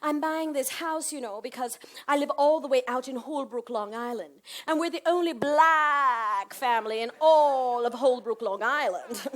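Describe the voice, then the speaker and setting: A woman voicing a snobbish older homebuyer with a Jamaican accent, patronizing and boastful, who turns shrill. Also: a little slow.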